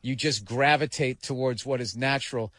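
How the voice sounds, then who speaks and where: A man telling profane stories in casual radio talk show chat, breaking into loud shouted impressions. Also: mid-range voice, moderate pace, no room sound. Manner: profane storyteller, animated bursts of shouting impressions.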